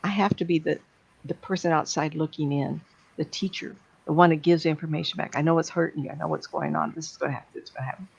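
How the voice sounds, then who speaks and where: A woman's voice: deep voice, steady tone, fast talker, vocal fry, slightly rough. A woman speaking as a psychic medium, giving a blunt, plain-spoken talk to an audience. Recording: dull lo-fi sound.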